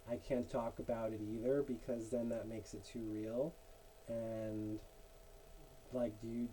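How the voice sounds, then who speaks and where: Young man, casual drawing vlog, rambling frustrated rant, unhurried delivery. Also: medium pitch, dark tone, slight background noise, rough recording. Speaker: art vlogger. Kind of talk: casual monologue while drawing.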